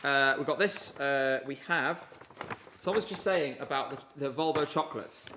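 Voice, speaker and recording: A man's voice: medium pitch, normal speed, noisy background. A man hosting a casual live stream, chatty and rambling, chatting with viewers from his desk. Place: home room at a desk with laptops.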